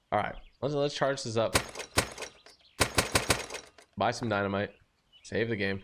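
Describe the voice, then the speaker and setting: A young man giving excitable live commentary while playing a video game, yelping when startled. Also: lowish voice. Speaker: gaming streamer. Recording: loud game noise behind voice. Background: game sound effects.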